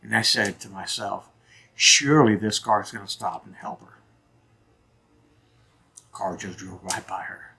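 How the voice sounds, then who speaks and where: Vlog host, man in his 50s, husky voice, earnest and emphatic storyteller. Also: on the low side, measured pace, long pauses, sharp tone. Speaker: channel host.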